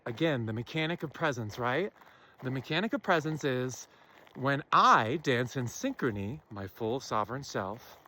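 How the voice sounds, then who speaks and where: A woman's voice: rumbling low, a bit bright, a little hiss or hum. Emphatic woman with rhetorical questions. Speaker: self-help speaker. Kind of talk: impassioned spiritual monologue.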